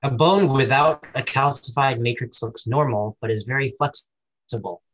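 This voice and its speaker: Young guy reading his bio textbook out loud, kinda husky, trips on big words, cracks jokes. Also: medium pitch, highs cut off. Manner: reads fast, stumbles on terms, adds joking asides. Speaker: student reading a textbook aloud. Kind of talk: casual study-session reading.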